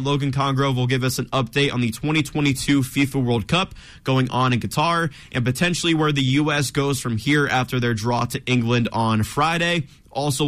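A man's voice: medium pitch, fairly bright tone. A young man hosting a college radio sports talk show, running segment rundowns and teasing his co-hosts.

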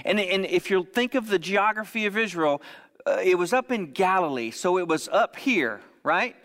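High-voiced preacher in a reverberant hall. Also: male voice, expressive, normal speed, fairly bright tone. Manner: conversational preaching with frequent "right?" asides. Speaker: pastor. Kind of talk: sermon.

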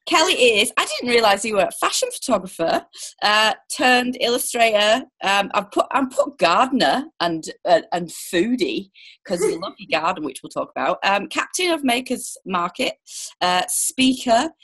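A woman's voice: medium pitch, very animated, moderate pace, fairly bright tone, husky. A woman hosting a casual interview podcast, chatty and rambling, with lots of fillers and restarts. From United Kingdom. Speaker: podcast host.

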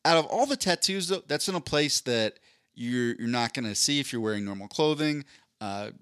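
A man riffs through casual podcast banter, his pitch leaping around as he jokes and lapses into goofy quoted voices. His tone is bright and a little sharp. The sound is dry and close to the mic, with no room behind him. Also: moderate pace, clean tone, no echo. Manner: joking, animated, puts on voices in quotes. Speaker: podcast co-host.

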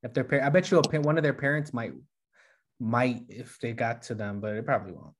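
A man's voice: mid-range voice, a little fast. A man co-hosting a podcast, chatting casually with a teasing manner and plenty of filler words. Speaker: podcast co-host.

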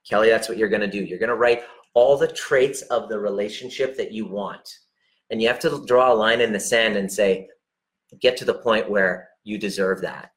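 Man, lowish voice, relationship coach, blunt, emphatic, swearing, direct address. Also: fairly bright tone. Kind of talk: direct unscripted coaching talk.

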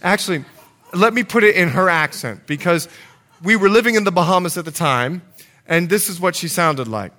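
A male pastor preaching a sermon, an animated storyteller with playful asides. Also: sits high, moderate pace.

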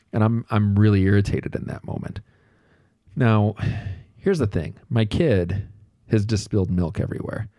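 Male podcast host, thirties, mellow dark tone, dry close mic, easygoing storyteller. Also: low-pitched, creaky, no echo. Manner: conversational, self-deprecating, storytelling with asides. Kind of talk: solo podcast monologue.

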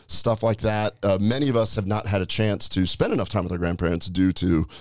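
A middle-aged male host with a low voice talks in an easygoing way, leading the chat with questions. His voice is close and dry, with no room sound. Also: fairly quick, no echo. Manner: easygoing, leads the talk with questions. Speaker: podcast host. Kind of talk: casual interview chat.

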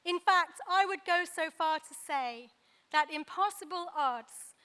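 A woman preaching a sermon, pausing for effect and acting out the lines she quotes. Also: very high voice, bright, forceful tone. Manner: dramatic pauses, acts out quoted dialogue.

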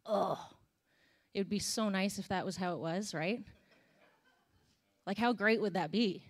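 A woman's voice: medium pitch, normal speed. A young woman, a worship leader, preaching a candid, conversational sermon with sighs and emotional moments.

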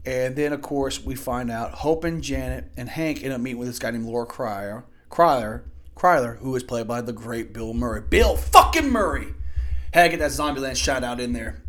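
Male host for a movie review, mid-pitched voice, loose and rambling, swears freely, trips over his own sentences. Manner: rambling, profane, frequent restarts. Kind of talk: casual spoken film review. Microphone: desk microphone.

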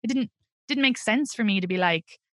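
A woman's voice: on the high side, brisk, dry recording, clean studio sound. A woman in her thirties with an Irish accent, a comedian telling personal stories in an interview, blunt and profane. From Ireland. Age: 30s. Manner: blunt and profane, animated storytelling. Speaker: comedian guest. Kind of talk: candid interview conversation.

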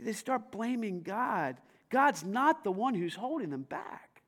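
Male pastor, very high-pitched, dynamic sermon delivery with big swings in volume. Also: animated, moderate pace, hardly any pauses. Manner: dynamic preaching, swings from hushed to shouting.

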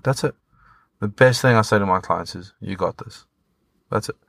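Deep-voiced coach, earnest. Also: male voice, a little fast, gravelly, fairly bright tone, no room sound. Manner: earnest, motivational, swears casually. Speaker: fitness coach, guest. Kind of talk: casual podcast conversation.

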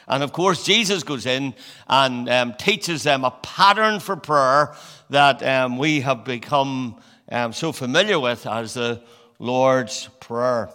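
A man's voice: medium pitch, lively intonation, takes it slowly, sharp tone, in a large hall. A man in his sixties preaching a sermon in a conversational, storytelling way, with frequent fillers and restarts. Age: 60s. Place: church.

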